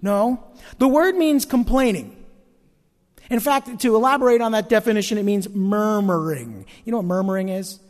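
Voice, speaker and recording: A man's voice: sits high, moderate pace. A middle-aged male pastor preaching a sermon to a congregation with humor and self-mockery, acting out everyday complaints as he goes. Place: church sanctuary. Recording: reverberant church hall.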